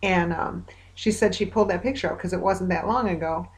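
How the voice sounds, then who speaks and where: Woman vlogger, lower voice, chatty diary talk, long rambling retellings full of fillers. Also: brisk. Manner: hopeful yet weary. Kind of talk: casual personal video diary.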